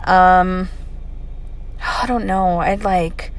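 A woman's voice: fairly low pitch, fairly even intonation, drawn-out words. A woman in her twenties casually telling stories on her way home from work, talking with lots of "like" and "um". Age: 20s. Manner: chatty, filler-heavy, lots of "like" and "um". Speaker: audio vlogger. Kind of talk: casual rambling storytelling.

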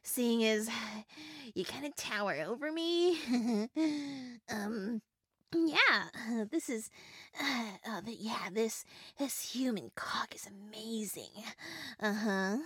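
A woman's voice: fairly high pitch, lively intonation, slow, fairly bright tone, dry recording, clean studio sound, exaggerated voice. A young woman voicing a small, chatty female fairy who grants wishes, giggling, rambling and stammering through many fillers in an audio role-play. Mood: hushed.

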